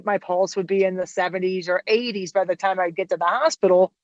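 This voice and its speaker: A woman's voice: on the low side, no room sound, highs cut off. A woman guest in an interview, telling a long story in casual, rambling speech and acting out the dialogue. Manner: rambling, animated, acts out quoted dialogue.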